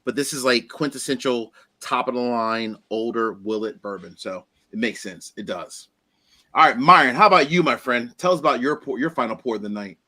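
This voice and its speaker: A man hosting a casual whiskey tasting chat, animated and exclaiming often. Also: medium pitch, brisk. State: eyes watering. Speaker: host.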